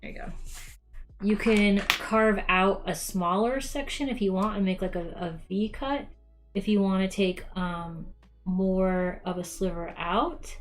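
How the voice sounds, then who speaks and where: A woman's voice: mid-range voice, a little slow. Casual, friendly young woman host for a how-to craft stream, mid-range voice, speaks to viewers directly, light music underneath. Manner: chatty, talks to viewers as "you guys", many ums. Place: home craft room.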